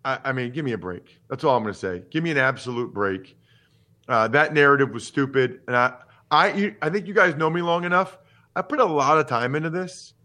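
A man's voice: mid-range voice, fairly quick. A man in his forties hosting a sports podcast, a former pro football player who talks casually and with strong opinions, jumping from topic to topic. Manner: animated, opinionated, jumps between topics.

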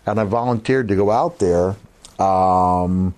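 A man's voice: low-pitched, a little slow, darkish tone. A man hosting a podcast, telling stories in casual chat, rambling with fillers and restarts. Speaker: podcast host.

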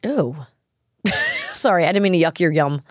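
Woman host, 40s, deep voice, dry close mic, chatty and rambling with fillers. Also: expressive, normal speed, no room sound. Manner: rambling, laughs often, many fillers. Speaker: podcast host. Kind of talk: casual chat.

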